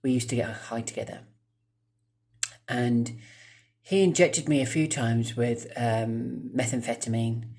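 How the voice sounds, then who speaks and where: A man in his mid-thirties speaks at a middling pitch in a loose, casual storytime. He wanders off track, curses often and keeps turning to chat directly with his viewers. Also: fairly even intonation, a little slow, long pauses, a little mellow. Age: 30s. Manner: rambling, swears freely, chatty asides to viewers. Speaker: vlogger.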